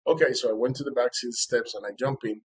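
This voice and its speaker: Husky-voiced male guest, heartfelt storyteller, acts out the quotes. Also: mid-range voice, fast, rough recording. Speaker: interview guest. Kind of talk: emotional first-person storytelling.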